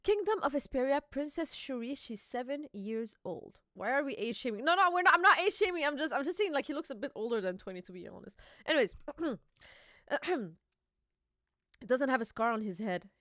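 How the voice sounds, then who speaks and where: A woman's voice: sits high, lively intonation, fairly quick, a bit bright, no room sound, clean studio sound. A young woman hosting a live reaction stream, chatty and giggly, reading dialogue aloud.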